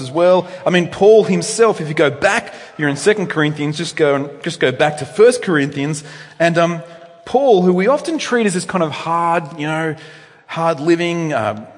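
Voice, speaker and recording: A man preaching a sermon in a church, with animated delivery that swings between loud emphasis and quiet reflection. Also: a little high. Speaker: pastor. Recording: long reverb in a church.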